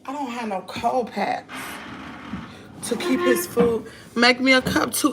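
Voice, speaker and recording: A hoarse woman with a Southern US accent, chatting to viewers in her home kitchen on a phone livestream. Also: high-pitched, measured pace, fairly bright tone, a little hiss or hum. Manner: chatty, talks straight to viewers, says y'all a lot. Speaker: livestream host. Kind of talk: casual livestream chat while cooking.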